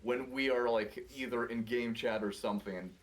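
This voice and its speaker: A man's voice: mid-range voice, moderate pace. A man with a Russian accent chatting casually while gaming, swearing, laughing and acting out stories. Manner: swearing, laughing, lively storytelling with imitated voices. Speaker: co-player.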